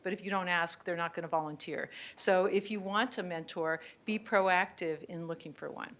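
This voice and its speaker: Low-voiced woman hosting a seminar. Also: fairly bright tone. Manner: conversational, with small restarts. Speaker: institute director hosting a seminar. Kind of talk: introductory remarks. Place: university auditorium.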